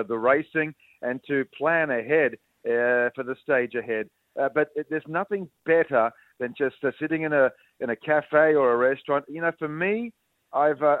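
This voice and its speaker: A man's voice: mid-range voice, no echo. Chatty man on a tinny phone line. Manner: chatty, many "uh" pauses, reminiscing. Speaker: cycling broadcaster guest. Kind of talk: casual radio chat.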